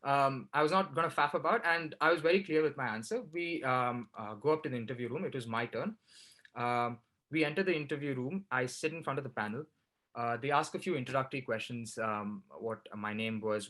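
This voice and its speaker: A young man telling a personal story at a spiritual centre talk, animated and often laughing at himself. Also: mid-range voice.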